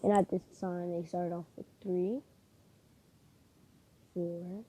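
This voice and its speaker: A woman making up a fan story out loud, rambling and hesitant as she thinks of what comes next. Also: fairly low pitch, little pitch movement, takes it slowly, slightly rough, rough recording. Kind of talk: improvised fan fiction narration.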